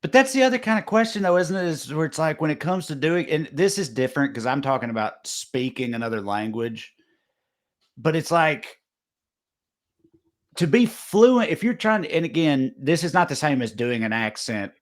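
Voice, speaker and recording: A man's voice: a little high, expressive, normal speed. A man with a Southern US accent hosting a podcast, talking in a loose, rambling way with many restarts. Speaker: podcast host. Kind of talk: casual comedic chat.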